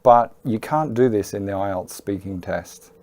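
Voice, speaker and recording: Male tutor for a lesson video; unhurried delivery, relaxed low timbre, clear patient explanations. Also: dry recording. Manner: clear, patient, emphatic teaching. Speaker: IELTS teacher. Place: Hong Kong.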